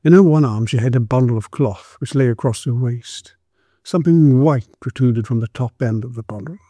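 A man narrating a period story in a measured, descriptive way. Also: mid-range voice, mellow, no echo, studio quality.

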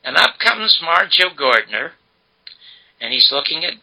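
An older man, a guest in an interview, retelling a story emphatically and dramatically in a gravelly, husky voice. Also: fairly high pitch, very animated, a little slow, pushed and bright, poor audio. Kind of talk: animated storytelling.

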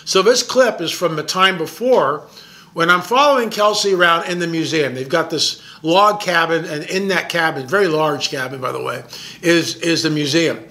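A man who makes documentaries, telling a story in an excited, emphatic way and often repeating his words. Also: fairly high pitch, moderate pace. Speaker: documentary filmmaker. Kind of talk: casual storytelling monologue.

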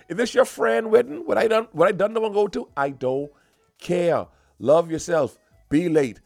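A man's voice: sits high, vocal fry, dry recording, studio quality. A man giving a comic, preachy lecture with emphatic repetitions, like a mock sermon.

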